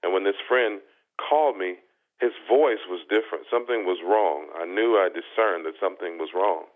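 Earnest low-voiced man over a tinny line. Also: normal speed. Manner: earnest preacher's storytelling. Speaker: guest minister. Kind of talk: testimony on a Christian TV talk show. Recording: phone-like narrow band.

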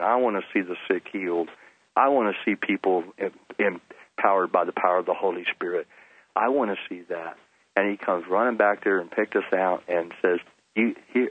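Man, pastor telling his testimony, lowish voice, earnest and emotional, tinny phone-like sound, dry. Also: dry recording. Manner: earnest, emotional, repeats words for emphasis. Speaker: Baptist pastor giving testimony. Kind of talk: storytelling testimony in an interview.

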